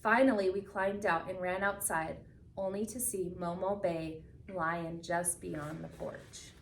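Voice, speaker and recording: A woman reading a picture book aloud with expressive storytelling, slowing down for the solemn moments. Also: lowish voice, a little hiss or hum. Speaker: reader. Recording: echoey room from a distance.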